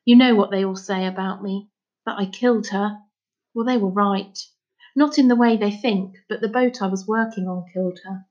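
A grieving middle-aged fisherman father, as a woman reads him aloud from a storybook, unburdening himself in slow, heavy, halting words. His voice sits at a middling pitch. The recording sounds slightly dull and lo-fi. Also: darkish tone, close to an everyday voice. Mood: sorrowful.

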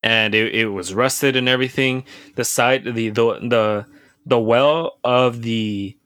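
Young guy, bright and dry close-mic sound, rambling storyteller who swears freely. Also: medium pitch, slow, no echo. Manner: profane, rambling, lots of restarts and filler words. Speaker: podcast co-host telling a story. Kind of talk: casual storytelling chat.

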